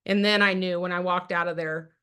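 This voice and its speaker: A woman's voice: fairly low pitch, steady tone, a little fast, sharp tone, clean tone. A middle-aged woman giving a personal testimony on a team video call. She speaks earnestly and plainly, and calls her listeners "you guys.". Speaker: direct sales team leader sharing her story.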